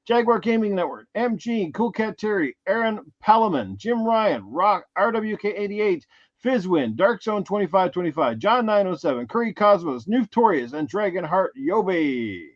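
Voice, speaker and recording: A male gaming show host chats loosely with viewers, cheerful and a little profane. His voice sits slightly high. The audio is dull and lo-fi. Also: expressive, moderate pace. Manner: upbeat, reads chat names, swears casually. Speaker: podcast host. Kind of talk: casual livestream chat.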